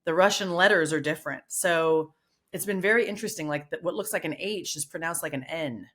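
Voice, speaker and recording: A woman's voice: deep voice, a little fast, a bit bright. A woman co-hosting a podcast, chatting casually and rambling with lots of fillers. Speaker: podcast co-host. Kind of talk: casual chat.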